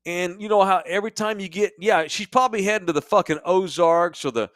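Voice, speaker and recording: A man's voice: sits high, a little fast, dry recording. Man, crude comedic storytelling, mocking, dry close mic. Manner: profane, animated, mocking. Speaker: podcast co-host. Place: sports bar studio.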